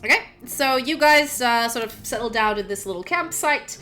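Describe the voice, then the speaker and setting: A woman's voice: on the high side, lively intonation, moderate pace, sharp tone, faint music behind. A woman narrating a tabletop game as game master, rambling with many ums and restarts.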